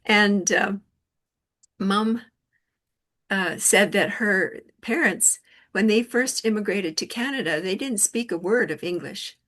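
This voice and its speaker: A woman's voice: medium pitch, slow, a bit bright. A woman hosting a casual conversation over an online call, telling chatty stories and laughing often. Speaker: host.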